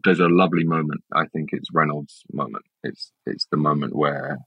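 A young British man, an actor, chatting casually in an interview, telling rambling, animated stories with lots of restarts. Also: very deep voice, normal speed, gravelly, husky, no echo. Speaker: actor guest. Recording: slightly dull lo-fi sound.

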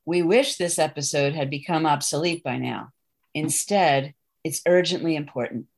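A woman psychologist co-hosting a podcast, giving a measured, earnest scripted intro. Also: deep voice.

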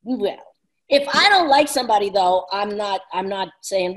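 A woman business coach in casual conversation, talking fast and energetically and laughing often. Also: medium pitch, expressive.

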